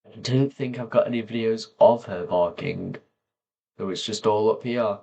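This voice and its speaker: A man talking slowly and softly to camera, pausing often as he reflects on personal memories. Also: on the low side, fairly even intonation, vocal fry, husky. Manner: slow, soft-spoken, pausing often. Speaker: vlogger.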